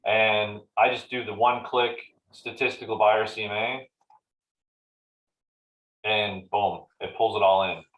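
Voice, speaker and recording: A man's voice: fairly low pitch, slow pace, long pauses, narrow, tinny audio. Man giving a casual real estate training talk. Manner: conversational, acts out client dialogues in animated voices. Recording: roomy echoey meeting room.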